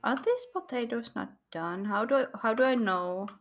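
A woman playing a video game as a guest, answering in short, soft-spoken replies. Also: on the high side, normal speed. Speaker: guest co-player. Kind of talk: casual gaming chat.

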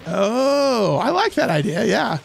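A hoarse man hosting a live gameplay stream, excitable, laughing often and reading chat aloud. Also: very high voice, slow pace. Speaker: livestream host.

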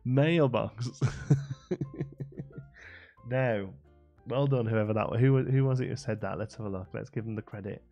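A man's voice: lowish voice, moderate pace, gravelly, long pauses, mellow, faint music behind. A man chatting with viewers during a late-night live game stream, thinking aloud and laughing often.

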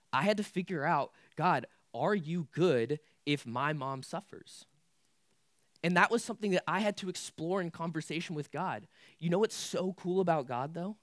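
A man's voice: fairly high pitch, animated, normal speed, no echo, studio quality. A young man preaching a casual youth sermon, candid and conversational with lots of filler words. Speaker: youth pastor.

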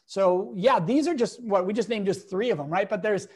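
An emphatic male speaker, a guest educator in an interview, lays out his points with lively energy and slips in acted-out quotes as he tells anecdotes. His delivery is expressive and driven. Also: high-pitched, normal speed, breathy edge. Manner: emphatic, lively, acts out quotes in different voices.

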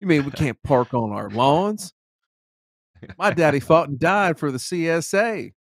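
A man's voice: on the high side, lively intonation, a little slow, dry recording, studio quality, pitched above the performer's own voice. A man voicing an indignant Southern man with a US Southern accent and a mocking, exaggerated drawl, griping about a lawn-parking ban. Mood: mock outrage.

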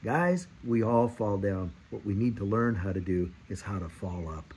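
A man's voice: fairly low pitch, animated, moderate pace, darkish tone, slight background noise, poor audio. A man in his fifties giving an earnest, exhorting sermon and repeating his key phrases. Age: 50s. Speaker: Christian speaker.

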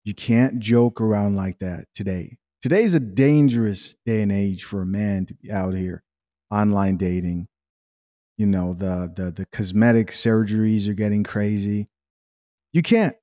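A man's voice: on the low side, steady tone, measured pace, warm tone, no room sound, studio quality. A man hosting a podcast, reacting to a clip with wry, blunt interjections and opinionated commentary. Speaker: podcast host reacting to clips.

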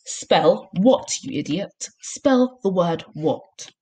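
A huge, cruel headmistress from a storybook barks commands and snaps insults, as a woman reading aloud puts her on. The voice sits low and a little husky, with a harsh, clipped bark. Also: expressive, takes it slowly, dark tone. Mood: scornful. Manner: barking, snapping commands. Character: huge bullying female headmistress, cruel and furious.

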